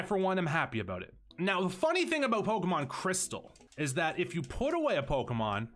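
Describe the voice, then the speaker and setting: A man's voice: on the high side, a bit bright. A young man giving crude, joking commentary while playing a video game. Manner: crude, joking, profane banter. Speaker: let's play streamer. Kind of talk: casual gameplay commentary.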